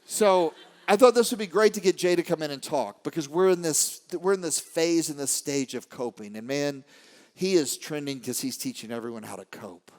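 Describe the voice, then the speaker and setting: A man giving an animated motivational talk to a live audience, swinging from quiet storytelling to shouting. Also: on the high side, normal speed. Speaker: motivational speaker. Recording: long hall reverb.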